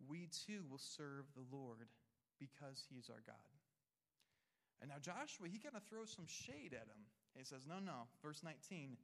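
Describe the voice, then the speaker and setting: A male pastor preaching a sermon, reading scripture and speaking earnestly to the congregation, often repeating and restarting words. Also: on the high side.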